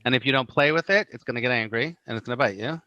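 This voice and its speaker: Brief: middle-aged male guest, crisp bright tone, dry close sound, lively storyteller. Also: mid-range voice, very fast, dry recording, muffled recording. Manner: animated storyteller, acts out quoted voices, many "you know"s. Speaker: guest, spiritual teacher. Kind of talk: casual podcast conversation.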